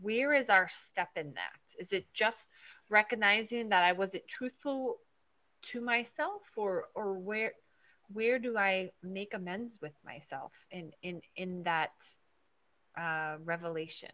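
An American woman hosting a podcast, asking questions in a halting, searching way. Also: medium pitch, sharp tone. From United States. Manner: slow, halting, searching for words. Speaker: podcast host. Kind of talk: casual podcast chat.

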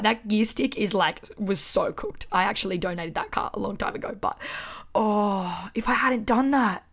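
A woman's voice: mid-range voice, normal speed. A woman in her twenties with an Australian accent, talking candidly and expressively alone on her podcast, swearing freely, recorded on a microphone at home. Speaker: podcast host. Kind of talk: casual solo podcast monologue. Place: her house.

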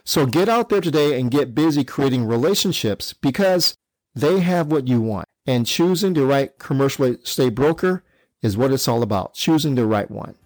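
A man's voice: mid-range voice, expressive, normal speed, dry recording. A man hosting an instructional podcast, talking straight to listeners with emphatic repetition and frequent "all right" check-ins. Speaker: podcast host.

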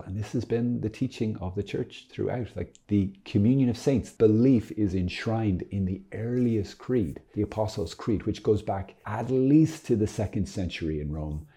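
A man with a very low voice gives a relaxed Catholic teaching talk. His tone is warm, dark and mellow. He is chatty and playful, laughing now and then and correcting himself mid-sentence. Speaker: Catholic religious speaker. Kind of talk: casual religious teaching talk.

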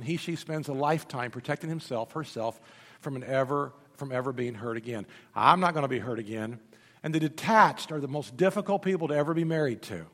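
A pastor preaching a sermon in a church, with emphatic delivery that swings between loud peaks and low, quiet stretches. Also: male voice. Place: church sanctuary. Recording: long reverb of a church hall.

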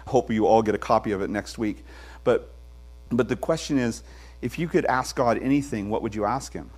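Animated man preaching a sermon. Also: fairly low pitch, normal speed. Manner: animated storytelling with humor. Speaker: pastor. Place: church sanctuary.

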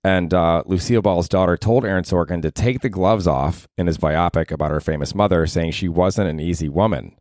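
Deep-voiced man rambling on his podcast. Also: fairly quick, few pauses, a little mellow, no echo, studio quality. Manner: rambling, profane, chatty. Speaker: podcast host. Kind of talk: casual solo podcast monologue. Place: his apartment at night.

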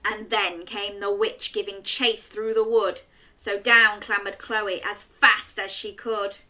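A woman reads a picture book aloud to children, animated and asking her listeners questions. Her voice is mid-range and her pace slow.

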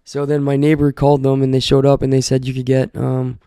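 A man's voice: medium pitch, monotone, a little fast, dark tone, clear, resonant tone, no echo, studio quality. A young Canadian man, a podcast co-host, telling profane neighbor stories in casual chat and acting out the people in them. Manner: profane storyteller, acts out neighbors' lines.

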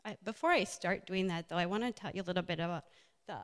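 A fast-talking woman with a fairly low, clean-toned voice, a nurse and wellness coach, presents a personal motivational talk with slides. Her delivery is earnest and full of fillers, recorded in an echoey hall.

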